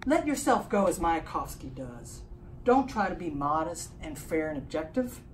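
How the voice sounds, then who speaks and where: A woman performer giving a slow, deliberate spoken-word reading in short phrases at an apartment concert, recorded on a phone camera across the room. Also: deep voice, sing-song, a little hiss or hum, rough recording. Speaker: experimental music performer.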